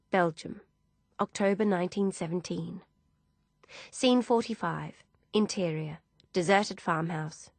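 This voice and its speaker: Female audiobook narrator, measured delivery, gravelly low voice. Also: no room sound. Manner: steady, measured storytelling. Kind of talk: scripted narration.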